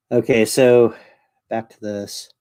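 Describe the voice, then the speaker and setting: A man's voice: mid-range voice, darkish tone, dry recording. A man who makes music, hosting a casual, rambling monologue, cursing freely and laughing as he talks. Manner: rambling, profane, laughs often. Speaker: video host and musician.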